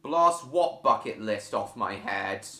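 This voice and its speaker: A man's voice: fairly low pitch, lively intonation, slow pace, bright, forceful tone, roomy sound. A man hosting a live stream, chatting casually with viewers and reading out their comments, with frequent fillers and restarts.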